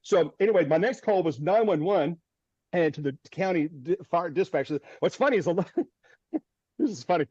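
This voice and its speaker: A man's voice: on the high side, lively intonation, moderate pace, warm tone, slightly rough, no room sound. A man, a storm chaser guest, telling a story vividly, with restarts and short nervous laughs, over a video call. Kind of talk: animated storytelling. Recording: dull, dry, lo-fi audio.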